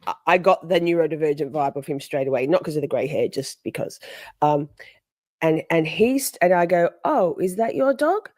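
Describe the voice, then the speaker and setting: A middle-aged woman tells a story on a live stream, chatty and animated, stopping to greet viewers. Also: low-pitched, a little fast, no echo, clean studio sound.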